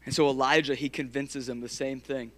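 A man in his thirties preaching an impassioned sermon, swinging from loud urgency to hushed, near-whispered passages. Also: mid-range voice, level tone, fairly quick. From Michigan. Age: 30s. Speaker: pastor.

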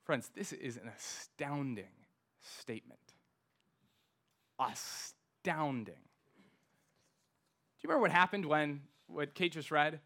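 Forceful, emphatic male preacher. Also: fairly high pitch, animated. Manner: emphatic, slows down to stress key words. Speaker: pastor. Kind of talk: sermon.

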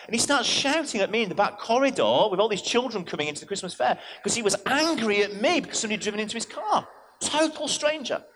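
A man, a vicar, preaching an animated sermon in church, telling stories and switching in and out of quoted voices. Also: sits high, fast talker, a little hiss or hum.

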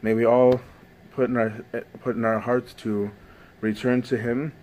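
A man's voice: mid-range voice, flat delivery, a little slow, darkish tone, a little hiss or hum. A man giving a conversational sermon, often asking "right?" as he goes. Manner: conversational, frequent "right?" tags.

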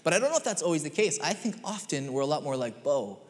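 A man, preaching a sermon and telling a lively family story with acted-out quotes. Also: on the high side, fast talker. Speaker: pastor. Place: church sanctuary. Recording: long hall reverb in a church.

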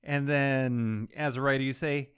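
A man in a casual comics chat, talking haltingly with frequent restarts and laughs. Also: medium pitch, steady tone, a bit bright, clean tone.

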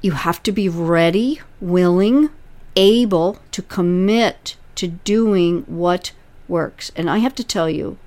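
A woman's voice: fairly low pitch, slow, darkish tone. A woman hosting as a relationship coach, advising a listener emphatically and explaining through analogies.

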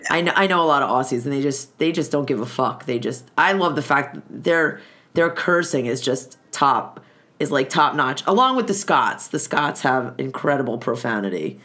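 A woman's voice: rumbling low, lively intonation, moderate pace, fairly bright tone. A woman in casual chat, ranting bluntly and swearing freely.

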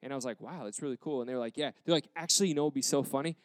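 A man in a casual storytelling style, retelling an embarrassing moment with self-deprecating, animated quoted dialogue. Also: mid-range voice, rapid-fire, no room sound.

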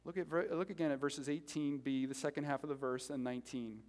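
A man preaching a sermon as pastor, animated and conversational, joking with the congregation between points. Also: fairly high pitch, fast. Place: church sanctuary. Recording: reverberant hall.

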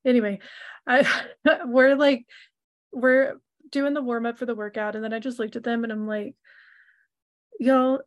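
A woman's voice: a little high, flat delivery, normal speed, dull audio. A woman co-hosting a podcast in casual chat, telling stories in an upbeat way and laughing often. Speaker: podcast co-host.

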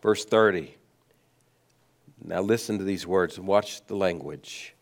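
In an unhurried sermon, a male pastor asks rhetorical questions while alternating between high, emphatic moments and low, quiet stress.

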